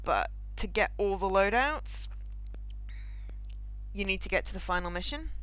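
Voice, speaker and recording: A woman's voice: mid-range voice, animated, unhurried, fairly bright tone, faint music behind, poor audio. A woman chatting casually on a gaming stream, musing aloud and thinking through her choices with viewers.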